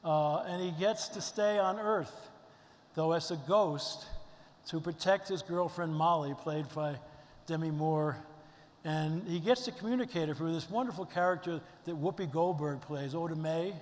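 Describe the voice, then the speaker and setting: A man's voice: a little high, unhurried. Folksy older man in a reverberant hall. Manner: folksy, storytelling, heartfelt. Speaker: keynote speaker. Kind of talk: inspirational luncheon speech. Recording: long reverb in a large hall.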